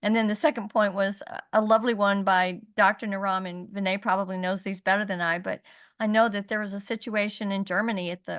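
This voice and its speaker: A middle-aged or older woman on a video call, telling a personal story in an animated way. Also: medium pitch, smooth. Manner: animated storyteller, laughs often. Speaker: community call participant.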